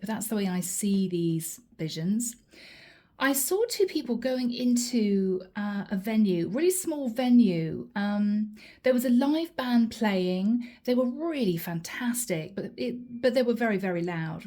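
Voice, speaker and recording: A woman gives a casual tarot reading, chatting and telling a story as she goes. Her voice sits fairly high with a mellow, soft timbre. She keeps checking in with her listeners in an easy, talkative way. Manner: chatty, storytelling, frequent tag questions. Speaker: tarot reader. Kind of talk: casual monthly astrology reading.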